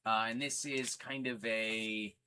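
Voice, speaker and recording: A man's voice: fairly low pitch, fairly even intonation, slow, sharp tone, a little hiss or hum. A man hosting a casual livestream, talking enthusiastically and swearing freely. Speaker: livestream host.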